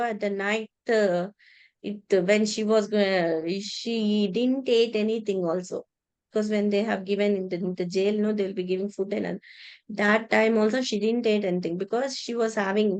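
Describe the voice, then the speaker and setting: Woman telling a devotional story. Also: mid-range voice. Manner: halting, many restarts and repeated words. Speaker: devotional class speaker. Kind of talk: storytelling in a religious class.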